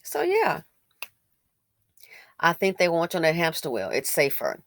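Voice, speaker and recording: A woman's voice: low-pitched, huge pitch swings, measured pace, a bit bright, no room sound, clean studio sound. A woman giving opinionated commentary, blunt and colloquial, who repeats phrases for emphasis and fires off rhetorical questions.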